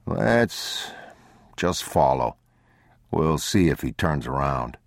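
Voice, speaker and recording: A male audiobook reader voicing a grim, guarded father who speaks in short, low, terse lines. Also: big pitch swings, slow, vocal fry, no room sound, clean studio sound, heavily acted.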